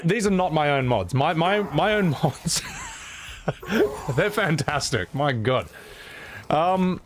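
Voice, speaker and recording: Aussie guy streaming games, swears a lot, laughs heaps, voice jumps all over, kinda gravelly, music going behind. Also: on the high side. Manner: excitable, swears a lot, laughs often, reads chat aloud. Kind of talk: casual live-stream chat.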